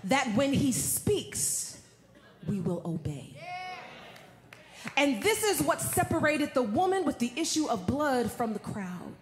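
A woman preaches in a high voice, folksy and direct with the crowd. She drops to hushed tones and rises to shouts. The sound carries a roomy echo. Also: sing-song, measured pace. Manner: folksy, addresses the audience as y'all, swings from hushed to shouting. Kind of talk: sermon with storytelling.

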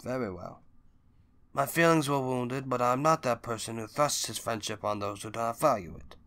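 A man reading an audiobook, voicing a proud older crime boss who speaks gravely, with a raised, forceful delivery. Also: mid-range voice, normal speed. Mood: cold.

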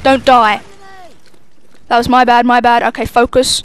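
Playing live, a young woman commentates in a slightly high, expressive, somewhat bright voice with a clean tone, speaking a little slowly. She curses freely and teases herself as she goes.

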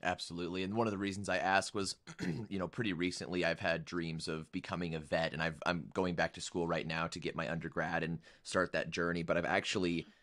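A male podcast host in casual interview mode, asking long, earnest questions that wander a bit. His voice sits very low. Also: little pitch movement, brisk, fairly bright tone.

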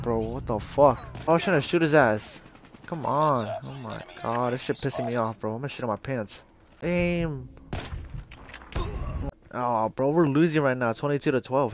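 A man's voice: mid-range voice, normal speed, a little hiss or hum. A young adult man giving casual, joking, profane commentary while playing a shooter game. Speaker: gamer.

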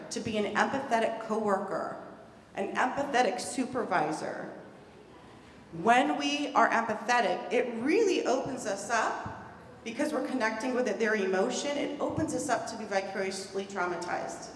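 A woman giving an earnest, emphatic conference talk, stressing and repeating key words. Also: fairly high pitch. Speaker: presenter at a conference. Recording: echoey hall, far from the mic, faint hum.

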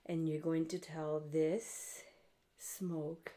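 A woman's voice: deep voice, level tone, very slow, dark tone. A middle-aged woman, talking viewers through a spell in a blunt, chatty way, swearing freely and often checking in with them. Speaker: witchcraft video host. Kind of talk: casual spell tutorial.

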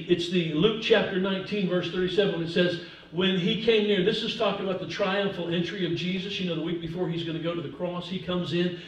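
A man, an older pastor, preaching a sermon with humor, swinging between soft asides and loud emphasis. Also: sits high, muffled recording. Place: church sanctuary. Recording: echoey church from a distance.

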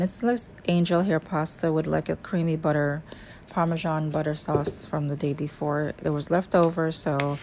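A Jamaican woman in her thirties talks in a relaxed, chatty way, walking through her morning routine in a home kitchen. Her voice sits low and has a gravelly edge. A faint hiss of noise runs under the recording. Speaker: vlogger. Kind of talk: casual vlog narration.

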